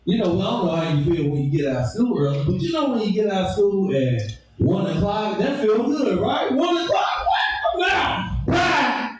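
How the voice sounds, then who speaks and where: A man tells stand-up stories from a club stage, his pitch leaping high as he shouts out the other people's lines. The voice is fairly high for a man and very animated. The sound is roomy and echoing, picked up from some distance away. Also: brisk, a little hiss or hum. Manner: animated, acts out characters with sudden shouted high squeals. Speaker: stand-up comedian. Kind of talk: stand-up storytelling.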